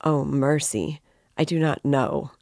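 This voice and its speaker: A woman's voice: low voice, slow pace, darkish tone. A woman reading the part of a timid, anxious older mother who sounds easily distressed.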